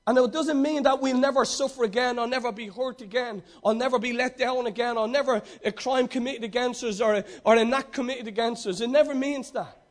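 A man's voice: extremely high pitch, steady tone, a little fast. A man preaching a sermon, emphatic and repeating his key phrases.

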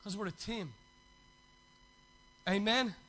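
High-voiced man preaching passionately. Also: takes it slowly, pushed and bright, low-quality recording. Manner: passionate, exhorting, conversational with asides. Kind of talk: sermon.

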